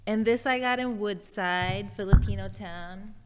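A woman's voice: mid-range voice, a little slow, background noise. A young adult woman, a guest photographer, chatting in a friendly way and explaining things simply. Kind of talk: casual interview chat. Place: studio room in Queens, New York. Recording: long reverb.

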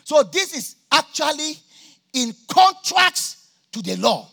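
A man preaching a sermon at a church campmeeting, jovial and laughing often, now and then bursting into shouts. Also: extremely high pitch, sing-song, takes it slowly, gravelly. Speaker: pastor.

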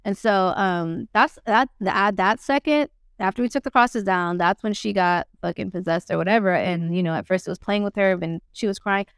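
A young woman telling a story as a podcast guest, in a blunt, slangy way with lots of swearing, acting out quotes with big swings in pitch. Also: normal speed, hardly any pauses, clean tone, no echo, clean studio sound. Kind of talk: casual storytelling.

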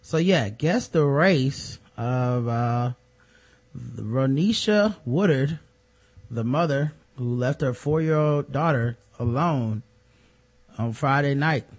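A man co-hosting a podcast, reading news stories aloud with sarcastic, deadpan jokes. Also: mid-range voice, slow. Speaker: podcast co-host. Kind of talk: casual comedic news commentary.

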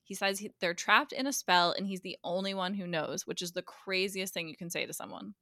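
Bright-voiced woman recapping in casual chat. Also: medium pitch, brisk, no room sound, clean studio sound. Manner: animated storyteller, acts out characters' lines, laughs often, swears casually. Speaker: guest co-host recapping a TV episode.

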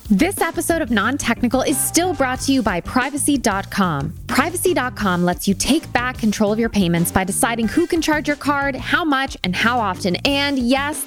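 Lady podcast host, kinda high voice, bouncy, reads the ad all playful. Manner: encouraging listener, playful ad reading. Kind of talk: casual podcast chat and read ad.

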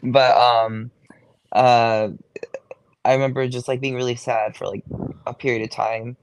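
Chatty young man with a gravelly voice. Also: medium pitch, little pitch movement, a little slow. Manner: chatty, says "like" a lot, swears freely. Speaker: guest, go-go dancer. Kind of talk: casual interview chat.

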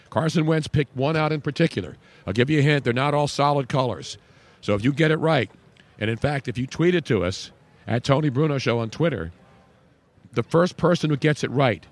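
A male sports radio host talking casually with a co-host. He rambles and jokes at a mid-range pitch. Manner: chatty, jokey, rambling.

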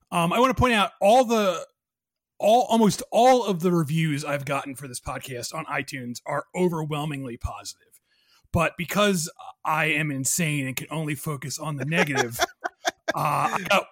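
Deep gravelly-voiced man ranting on a podcast. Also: fairly bright tone, no room sound. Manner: laughing, self-deprecating ranting. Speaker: podcast host. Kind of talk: casual podcast chat.

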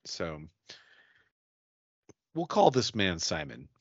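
A man hosting a casual podcast, telling a story in a loose, profane, animated way while hanging out and drinking. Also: low-pitched, slow pace, husky, no echo, highs cut off. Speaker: podcast host.

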